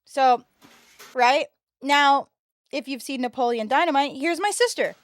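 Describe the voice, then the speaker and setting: A woman's voice: high-pitched, a little slow, no room sound. A woman of twenty-two, telling stories in casual, slangy chat to her stream viewers. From United States. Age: 22, early 20s. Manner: animated, chatty storyteller, slangy. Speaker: livestreamer.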